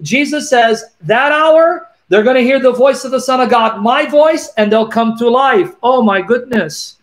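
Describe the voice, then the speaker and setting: A man hosting a call-in show, emphatically explaining scripture, repeating references and reading verses slowly. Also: very high voice.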